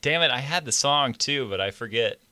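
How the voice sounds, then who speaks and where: A man's voice: mid-range voice, lively intonation, brisk, pushed and bright, clear, resonant tone. A man casually leading friends through taking turns, easygoing and amused. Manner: amused, easygoing, prompting others. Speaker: leads the verse rotation. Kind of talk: casual chat.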